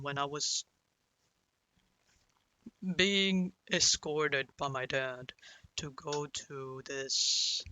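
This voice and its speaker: A young man rambles through a confessional story, swearing freely and leaning on fillers. His voice is bright and forceful, sitting a little high for a man. It is recorded close and dry. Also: clean tone, dry recording, poor audio. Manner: rambling and profane, with many fillers like "like" and "you know". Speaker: vlogger.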